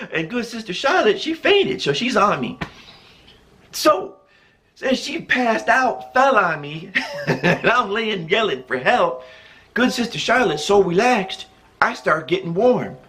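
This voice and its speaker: A man with a rather high voice tells a personal story in a relaxed, casual way. He is animated and jokey and keeps breaking into chuckles as he talks. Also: slow. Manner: chuckles often while telling.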